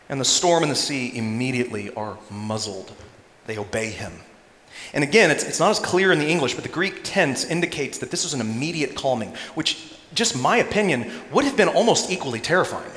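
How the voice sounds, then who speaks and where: A man preaching a sermon as pastor, animated and acting out quoted voices with humor. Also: a little high, moderate pace. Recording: echoey church hall.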